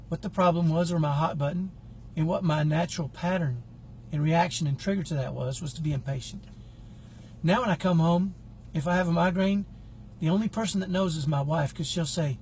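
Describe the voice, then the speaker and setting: A middle-aged parenting coach tells a personal story to camera in a casual, earnest and reflective way. His voice sits high with a darkish tone, and there's a little hiss or hum in the recording.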